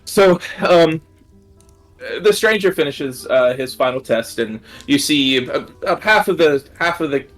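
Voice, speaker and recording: A man narrating as game master in a tabletop game, halting and quick to laugh. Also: a little high, expressive, a bit bright, faint music behind.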